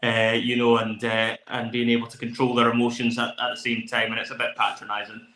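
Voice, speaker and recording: A man's voice: medium pitch, completely flat delivery, fairly quick, sharp tone. A man co-hosting a casual podcast, opinionated and full of ums and uhs. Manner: opinionated, hesitant with many fillers. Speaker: podcast co-host. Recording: echoey room.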